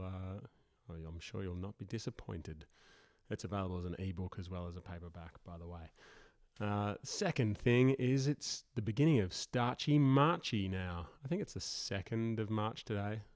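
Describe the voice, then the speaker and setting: A man's voice: lowish voice, clean tone, no room sound, clean studio sound. A man hosting a podcast on his own, rambling casually with many fillers and chuckling at himself. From Australia. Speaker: podcast host. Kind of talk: casual solo podcast intro.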